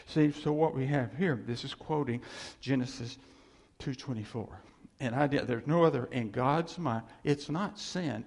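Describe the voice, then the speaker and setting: Male preacher, raspy-edged and a touch high, animated, reverberant hall. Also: moderate pace. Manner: animated, acts out God's voice, rhetorical questions. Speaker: pastor. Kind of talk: sermon.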